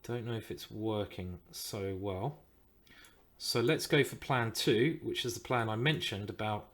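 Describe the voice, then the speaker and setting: A man streaming live chess, thinking aloud about his moves and swearing and groaning when things go wrong. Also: mid-range voice.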